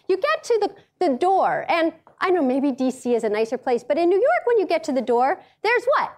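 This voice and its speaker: A lively American woman in middle age tells a comic story to an audience, her voice bright and high. She swoops all over her range, laughing and slipping into quick acted-out voices as she goes. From United States. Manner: animated, acts out voices, laughs often. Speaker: speaker giving a talk.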